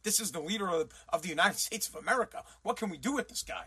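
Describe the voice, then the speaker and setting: Brash high-voiced man ranting bluntly. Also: expressive, quick pace, pushed and bright, breathy edge. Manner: blunt, sarcastic, swears freely. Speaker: commentary show host. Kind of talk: ranting political commentary.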